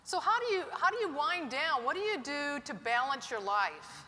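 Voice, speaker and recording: A woman's voice: high-pitched, expressive, normal speed, sharp tone. A woman moderating a panel, asking questions in a conversational, lightly humorous way. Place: large conference hall. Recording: long hall reverb with faint noise.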